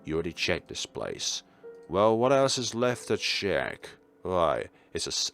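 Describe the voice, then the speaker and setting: Man reading a game aloud, low lively voice, game music behind. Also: normal speed. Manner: playful, wry asides. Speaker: gaming video creator. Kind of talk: reading a visual novel aloud with commentary.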